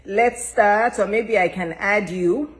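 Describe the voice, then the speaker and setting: A woman hosts a live-streamed talk show from her home, talking around a cough drop in her mouth. She greets and welcomes everyone again and again in a chatty, repetitive way. Her voice sits at a middle pitch for a woman. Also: slow, low-quality recording. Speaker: host.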